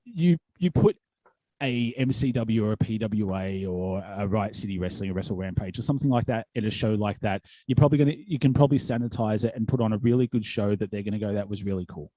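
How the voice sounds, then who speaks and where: A man's voice: on the low side, fast talker, warm tone. An Australian man, a wrestling commentator, telling stories in a casual podcast chat, rambling with many fillers and restarts. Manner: rambling storyteller with many ums, likes and restarts. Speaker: wrestling commentator and promoter, guest.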